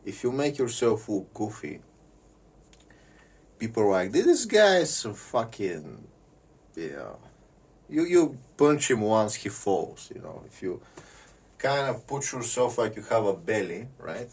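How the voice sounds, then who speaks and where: A man giving a rambling comedic monologue. He repeats words and often clears his throat. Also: fairly low pitch, lively intonation, measured pace, long pauses, darkish tone, recorded from a distance.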